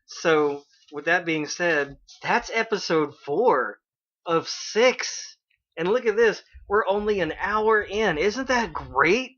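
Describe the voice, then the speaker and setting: A man's voice: sits high, animated, slow pace, fairly bright tone. Chatty man hosting a lo-fi radio chat. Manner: chatty retelling with many fillers. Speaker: radio show host. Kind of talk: casual anime recap chat. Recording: dull lo-fi internet radio stream.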